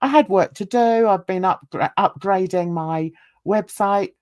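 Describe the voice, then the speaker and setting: A woman's voice: mid-range voice, unhurried, a little mellow, no echo, studio quality. A woman on a livestream panel, chatting casually, laughing often and mimicking other people's voices.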